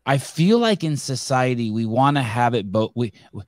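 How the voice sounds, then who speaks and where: A man's voice: mid-range voice, expressive, normal speed, no echo, studio quality. A man hosting a podcast in casual interview chat, who restarts his sentences often and swears freely. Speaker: podcast host.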